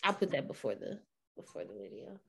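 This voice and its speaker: A woman's voice: mid-range voice, sing-song, fairly quick, vocal fry, fairly bright tone, breathy edge. A woman co-hosting a podcast, adding brief casual asides to her partner's story. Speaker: podcast co-host.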